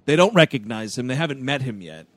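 A man co-hosting a casual podcast, excitedly recapping a movie, laughing and acting out lines. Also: mid-range voice, quick pace, no echo. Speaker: podcast co-host.

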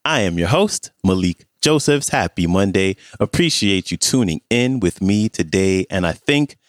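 A man hosting a podcast, giving a measured, unhurried introduction to the episode. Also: sits low, animated, no room sound, studio quality. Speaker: podcast host.

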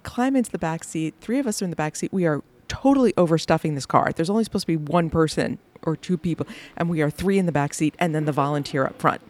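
A woman hosting a podcast, telling a lively anecdote about her day, laughing often and acting out the people she quotes. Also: lowish voice. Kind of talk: animated anecdotal storytelling.

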